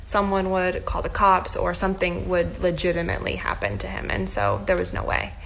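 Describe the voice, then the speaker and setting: A woman in her thirties or forties speaking quietly and earnestly to camera about her son. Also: lowish voice, sing-song, a little fast, creaky, a little hiss or hum, rough recording. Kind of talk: casual storytelling to camera.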